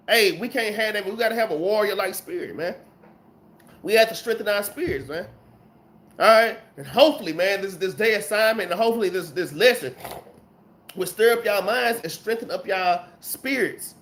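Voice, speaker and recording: A man's voice: sits high, normal speed, a bit bright. A man teaching a casual scripture lesson, emphatic and peppered with slang, still getting over a cold. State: recovering from a cold, coughing. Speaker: Bible class teacher.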